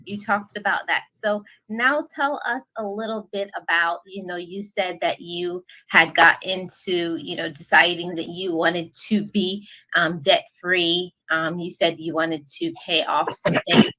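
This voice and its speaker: Woman host, bright tone, friendly casual questions, video call, hesitant fillers. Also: fairly low pitch, steady tone, unhurried, few pauses, poor audio. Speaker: show host.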